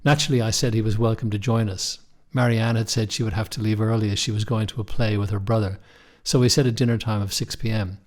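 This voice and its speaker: A young man narrating a first-person story in a measured, wry way. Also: lowish voice, fairly even intonation. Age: young adult. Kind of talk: scripted audiobook narration.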